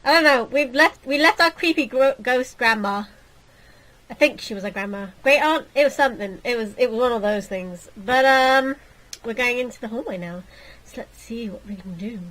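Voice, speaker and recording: A woman's voice: on the high side, moderate pace, fairly bright tone, poor audio. A woman hosting a game playthrough, reading the text aloud with playful, jokey asides. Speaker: let's play host.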